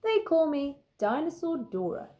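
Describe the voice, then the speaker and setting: A woman's voice: high voice, sing-song, unhurried, mellow, pitched above the performer's own voice. A woman voicing a friendly female museum curator in a children's story.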